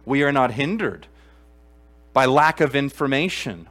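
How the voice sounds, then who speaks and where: A man preaching a sermon to a live congregation in a church, emphatic and earnest, swinging from loud exclamations to quiet asides and asking the room questions. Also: medium pitch, expressive, moderate pace. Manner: addresses the congregation directly with questions. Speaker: pastor.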